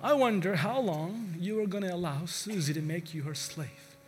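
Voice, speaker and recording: Gentle, loving grandma, as a male preacher puts her on, high and bright, in a reverberant hall. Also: normal speed, close to an everyday voice. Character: tender loving grandmother, older woman. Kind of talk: storytelling in a sermon. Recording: reverberant hall with faint music.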